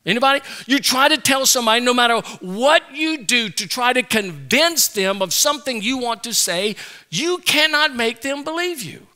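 A man's voice: very high-pitched, normal speed. A middle-aged man preaching a sermon, telling stories with playful humor. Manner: humorous, animated storyteller. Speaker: pastor.

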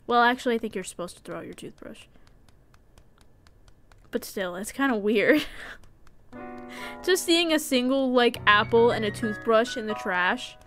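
High, bright-voiced woman streamer. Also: expressive, moderate pace, long pauses, soft background music. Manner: playful, chatty, swings between yelps and hushed whispers. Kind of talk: casual gameplay commentary.

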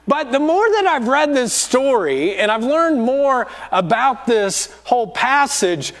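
Male lead pastor, unhurried sermon delivery, lively storyteller who acts out voices. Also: very high voice. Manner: storytelling, acting out quoted voices. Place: church auditorium.

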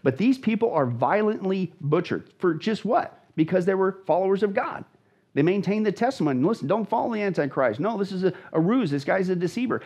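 This pastor, a guest in a conversation, teaches scripture with emphasis and drama, repeating phrases to drive his points home in animated Bible teaching. His voice is high-pitched and fairly quick, with lively intonation, a slightly mellow quality and a breathy edge.

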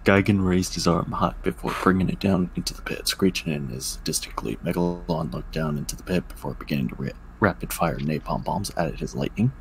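Casual male reader with a low, gravelly voice; stumbles and jokes between lines. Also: a little fast, hardly any pauses, a little hiss or hum, low-quality recording. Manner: joking asides, stumbles on words. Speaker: story reader. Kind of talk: reading a fan-written story aloud.

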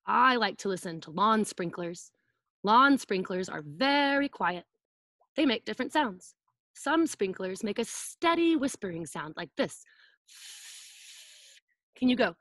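A woman's voice: mid-range voice, animated, unhurried, fairly bright tone, dry recording. A woman preschool teacher reading a picture book aloud to children over a video call, playfully acting out sound effects and asking them to join in.

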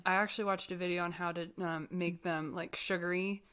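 A woman co-hosting a casual podcast chat, reacting playfully with quick quips. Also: on the low side, little pitch movement, a bit bright, smooth. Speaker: podcast co-host.

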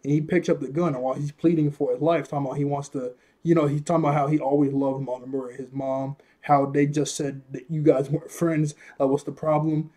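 A man's voice: a little high, level tone, quick pace, few pauses, mellow. A young man hosting his own video, casually retelling an anime scene in a rambling, chatty way with restarts and laughs. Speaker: anime vlog host.

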